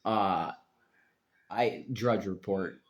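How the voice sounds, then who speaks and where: Low-voiced man rambling on a livestream. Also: very slow, lo-fi sound. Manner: meandering, swears freely, trails off mid-sentence. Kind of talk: rambling live-stream monologue. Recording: roomy echo.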